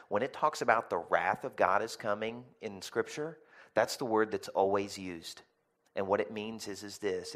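A man preaching a sermon as pastor, telling stories lively, with jokey asides and rhetorical questions to the congregation. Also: sits low.

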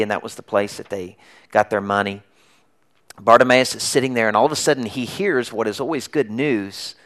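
A middle-aged man preaching a sermon as a church pastor, telling a story with lively acted-out shouts. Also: mid-range voice. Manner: animated storytelling, acting out the crowd's and beggar's shouts.

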